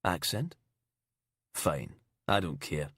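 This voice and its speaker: A man voicing a creepy imprisoned killer with a put-on English accent that slips into Aberdonian, smug and slow, then whiny. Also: low voice, animated, fairly bright tone, slightly rough, no echo, studio quality, voice pushed down, exaggerated voice. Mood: smug, sinister. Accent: put-on English slipping into Aberdonian. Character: creepy male killer prisoner, slithery and childish.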